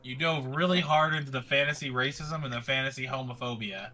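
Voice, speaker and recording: Bright, teasing man at the game table. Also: mid-range voice, fairly even intonation, fairly quick. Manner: joking, teasing. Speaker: player.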